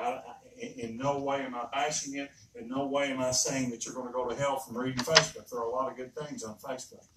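A man's voice: mid-range voice, fairly bright tone, slight background noise. A man preaching an earnest, emphatic sermon in a church, often repeating his points. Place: church sanctuary. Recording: roomy echo, speaker far from mic.

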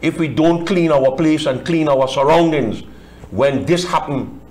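A man's voice: a little high, measured pace, a little mellow. A man, a Hindu pandit explaining scripture in a religious discussion, chanting Sanskrit verses and translating them line by line.

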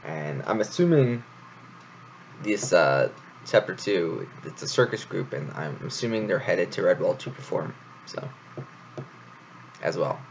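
Gravelly man reading a story aloud. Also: sits low, sing-song, a little slow, pauses often, slight background noise. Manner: casual, rambling asides. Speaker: reader of a novel. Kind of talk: casual read-aloud storytelling. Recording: dull lo-fi home recording.

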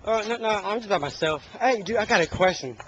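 A young man with a slightly high voice jokes and teases while filming in a backyard. He talks loosely and calls people "dude". The sound is a muffled handheld camcorder recording with steady noise behind. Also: a little fast. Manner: teasing, playful, says "dude" a lot. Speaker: person filming a home video. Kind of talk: casual home-video chatter. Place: backyard with a trampoline, outdoors. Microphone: handheld camcorder mic.

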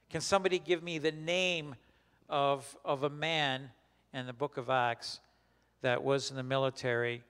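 A man leading a Bible study as a pastor, teaching in a conversational, halting way with many restarts and questions put to the group. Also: a little high, fairly bright tone, clean tone, big-room sound. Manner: questions the group and repeats their answers.

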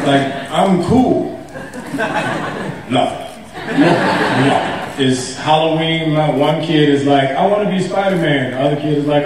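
A man on a convention stage telling funny stories in a casual, animated way, laughing and acting out what people said. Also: fairly high pitch, background noise. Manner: animated, laughing, acts out quotes with a raised voice. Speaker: actor on a convention stage panel. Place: large convention hall. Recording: echoey hall, mic heard from a distance.

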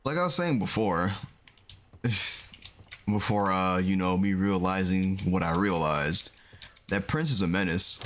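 A man casually commentating a game he is playing, animated and exclaiming as he reacts. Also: low voice, slow, a little hiss or hum. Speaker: gaming video host. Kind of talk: casual let's-play commentary.

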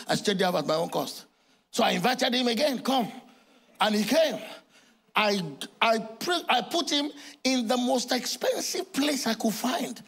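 A man in his sixties with a Nigerian accent, preaching a sermon in a church and acting out dialogue with bursts of shouting. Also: extremely high pitch, creaky, breathy edge. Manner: animated storytelling, acting out dialogue, often shouting. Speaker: pastor.

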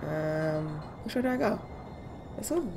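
A woman talks through a video game playthrough, excitable, swearing freely and laughing at her own confusion. Her voice sits a little low. Game noise runs behind her. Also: unhurried, vocal fry. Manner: excitable, swearing, self-deprecating. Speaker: gamer streamer. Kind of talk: casual let's play commentary.

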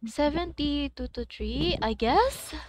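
A young woman, livestreaming a game in casual chat, excitable and cursing with sudden loud outbursts. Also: high voice, slow pace. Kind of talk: casual gaming stream chat.

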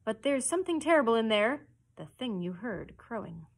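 A woman's voice: mid-range voice, animated, normal speed, a bit bright, husky. A woman voicing a frightened grown male pirate who speaks hollow and gibbering in a storybook reading. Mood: scared.

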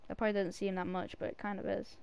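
A male gaming creator giving casual gameplay commentary from a desk mic, chatty, with sudden excited shouts at an in-game cat. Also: high voice, fast talker, gravelly, clean tone.

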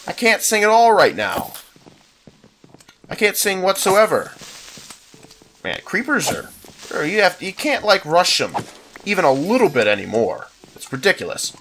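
A man's voice: high-pitched, big pitch swings, normal speed, pauses often, a bit bright, a little hiss or hum. A man with a congested, sinus-stuffed voice giving rambling, self-mocking let's play commentary at a desktop microphone. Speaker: gaming YouTuber.

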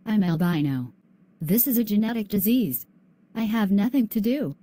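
A soft, earnest young schoolgirl, voiced by a female student in a school video. Her voice is mellow and warm at a middle pitch, gentle throughout. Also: animated, moderate pace, natural voice. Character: young bullied albino schoolgirl, sad and gentle.

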